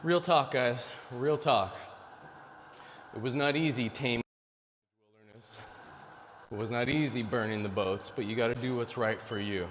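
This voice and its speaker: A man's voice: medium pitch, moderate pace, long pauses, big-room sound, slight background noise. A man in his forties giving blunt dating advice to male viewers in a casual, preachy monologue. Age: 40s. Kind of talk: casual direct-to-camera monologue.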